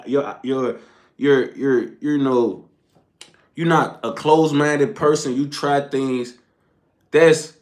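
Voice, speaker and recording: A man streaming a casual, profane rant, rambling in slang and calling his listeners "folk" and "bro". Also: a little high. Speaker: streamer hosting a morning smoke session.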